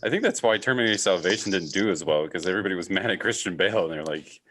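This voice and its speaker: A man's voice: deep voice, very fast, a bit bright. A man co-hosting a casual film podcast, laid-back and joking as he chats. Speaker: podcast co-host. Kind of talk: casual chat.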